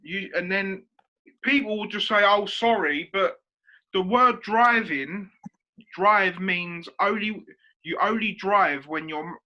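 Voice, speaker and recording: A man explains a point step by step in a casual chat, giving examples as he goes. His voice is bright and a little high. The recording sounds muffled and lo-fi. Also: takes it slowly. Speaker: podcast co-host.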